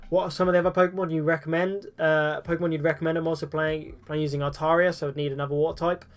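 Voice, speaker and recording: A man's voice: a little high, level tone, very fast. A man chatting casually on a live game stream at home, answering chat in a self-mocking way.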